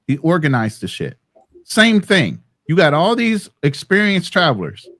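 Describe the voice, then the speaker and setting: Blunt, impatient man with a higher voice. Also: a bit bright. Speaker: host. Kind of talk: heated live-stream debate.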